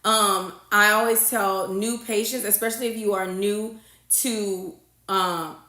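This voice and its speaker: A woman hosting a casual livestream, talking to her viewers as a registered nurse. Her voice is bright and forceful, at a middle pitch for a woman. She repeats herself and reads out and answers chat comments, and the room gives her voice a clear echo. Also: fairly even intonation, a little slow. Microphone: phone or webcam livestream setup.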